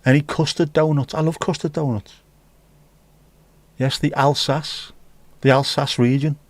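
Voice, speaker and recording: A man's voice: fairly high pitch, fairly even intonation, a little slow, no room sound. A man hosting a livestream, chatting casually and teasing as he reads out viewer comments with sweary banter. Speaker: livestream host.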